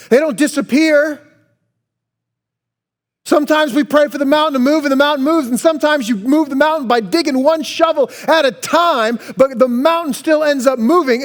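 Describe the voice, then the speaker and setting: A man preaching a sermon as pastor, lively and dramatic, acting out quoted voices and dropping low for emphasis.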